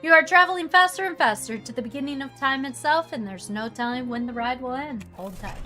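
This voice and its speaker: A woman's voice: high-pitched, animated, fairly quick, sharp tone, faint music behind. A woman streaming a game, chatting casually and reading narration aloud with dramatic swells.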